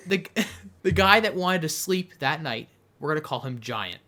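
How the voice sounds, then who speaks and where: A young man from Canada spins a rambling story for a casual podcast chat, breaking into laughter as he goes. His voice is bright and forward, sitting a little higher than most men's. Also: normal speed. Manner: animated, rambling anecdote with frequent laughter. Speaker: podcast host.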